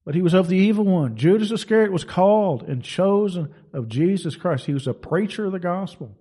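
A man's voice: sits high, expressive, brisk, warm tone, breathy edge. Emphatic, folksy male preacher. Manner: emphatic, colloquial, storytelling. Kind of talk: sermon.

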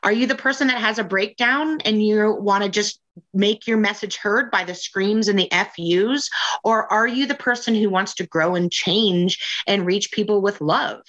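A woman tells stories in a relaxed, candid chat and often jumps higher to act out what people said. Her voice sits mid-range and sounds a little muffled and dull. She talks in an unguarded, personal way. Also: moderate pace. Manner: animated storyteller, acts out quotes in raised voice.

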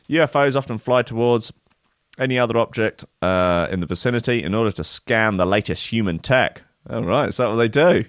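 Male comedy host, mid-pitched, sardonic and mock-exasperated, recorded close and dry. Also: lively intonation, brisk, dry recording. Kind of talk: reading news aloud with jokey asides.

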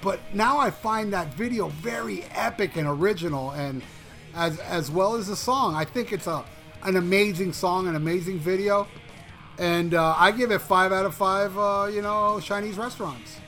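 A man's voice: high voice, moderate pace, sharp tone. A man co-hosting a casual music review chat, rambling with lots of swearing and restarts. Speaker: music podcast co-host reviewing songs.

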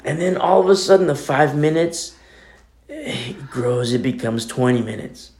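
Gravelly-voiced man preaching conversationally. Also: medium pitch, fairly even intonation, measured pace. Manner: conversational preaching, sudden swings between loud and quiet. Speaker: pastor. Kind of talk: sermon.

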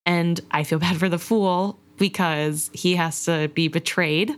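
A woman's voice: lowish voice, steady tone, unhurried. A woman discussing a book, thoughtful and sympathetic, often hedging her views.

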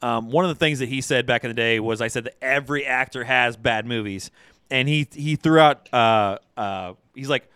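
A man with a bright, forward voice chats with friends on a podcast. He restarts a lot and sets others straight. The sound is close and dry. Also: mid-range voice, fast talker, clean tone, no room sound. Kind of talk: casual chat.

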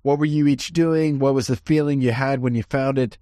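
A man's voice: mid-range voice, steady tone, brisk, warm tone, no room sound, studio quality. A man hosting an interview, prompting his guests with a run of inquisitive questions. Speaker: host.

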